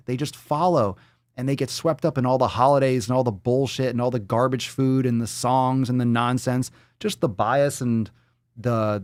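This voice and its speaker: A man's voice: mid-range voice, dry recording, studio quality. A man hosting a live stream, ranting profanely and mocking what he reads aloud. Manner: hypes the audience with shouted calls. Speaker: show host.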